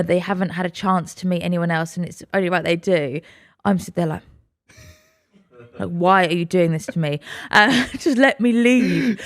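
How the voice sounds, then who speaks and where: Brief: woman, 30s, podcast guest, lively storyteller who acts out quotes, dry close mic. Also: lowish voice, dry recording. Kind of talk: casual chat.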